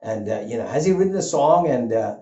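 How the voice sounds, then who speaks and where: An older man preaching a sermon, an earnest and animated storyteller who weaves a personal story into his message. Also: mid-range voice, fairly quick. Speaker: pastor. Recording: roomy, dull lo-fi sound.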